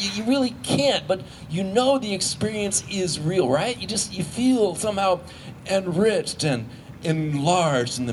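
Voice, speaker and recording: A male pastor delivering a sermon. He talks in a loose, conversational way, stopping to restart and asking the listeners questions. His voice sits a bit high for a man, with a faint hiss of noise behind it.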